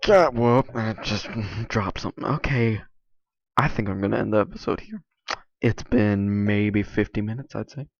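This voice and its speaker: A man's voice: lowish voice, normal speed, creaky, no room sound. Young man rambling on a lo-fi mic. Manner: hesitant, many restarts and "like" fillers. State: sore, tired voice. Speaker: YouTuber. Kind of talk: casual rambling vlog monologue.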